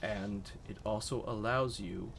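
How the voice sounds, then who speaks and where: A man voicing a calm stone elemental merchant in a tabletop game, speaking slowly and formally. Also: on the low side, creaky, slight background noise. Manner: slow, formal salesman talk.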